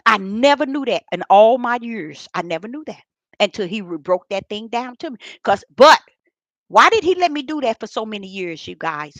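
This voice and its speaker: Her voice on the high side, very animated and fairly bright, an older woman tells her spiritual testimony at normal speed. The audio is dull but echo-free, and she addresses viewers directly, circling back over the same points.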